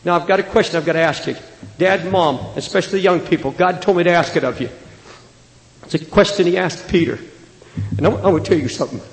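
A man preaching a fiery sermon to a church congregation, with an impassioned delivery that swings from hushed to loud. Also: high voice, fast talker, creaky. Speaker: traveling preacher. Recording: echoey hall with long reverb.

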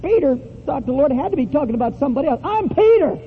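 A middle-aged man preaching a sermon with impassioned delivery that swings between high and low emphasis. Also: expressive, rapid-fire. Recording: dull lo-fi recording in a reverberant hall.

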